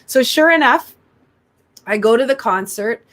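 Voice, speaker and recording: Animated woman telling a story. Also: a little high, a little slow. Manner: animated, acts out quoted voices. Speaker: guest. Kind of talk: casual interview storytelling.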